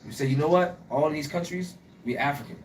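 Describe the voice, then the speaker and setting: Man, Liberian-born host, casual street chat, animated and slangy, fast, slightly distant mic, faint outdoor noise. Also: fairly high pitch. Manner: animated, laughing, slangy and emphatic. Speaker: show host.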